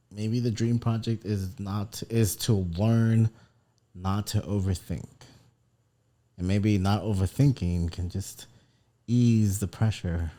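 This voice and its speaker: A man's voice: on the low side, dark tone. A man from the southern US co-hosting a casual podcast, reflective and playful. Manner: reflective, playful, puts on a sad drawl. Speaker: podcast co-host. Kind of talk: casual chat.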